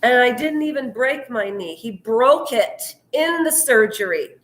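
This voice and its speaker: A woman's voice: on the high side, animated, measured pace, a bit bright, echoey room. A middle-aged woman from Canada talking in a heated, earnest vlog monologue. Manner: heated, earnest, talks of her anger. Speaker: YouTuber.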